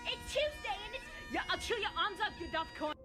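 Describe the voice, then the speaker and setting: A woman's voice: very high-pitched, animated, a little fast, music in the background. A woman voicing a cackling, rowdy British brawler who makes crude threats, played from a clip. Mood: gleeful menace.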